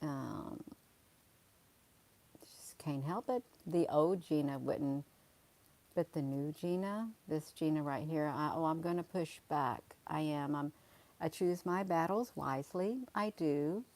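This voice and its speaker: A woman's voice: low-pitched, slow pace, a little mellow. Emphatic woman livestreaming. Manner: emphatic, repetitive, calls viewers honey. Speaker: livestream host. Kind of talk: casual livestream talk to viewers.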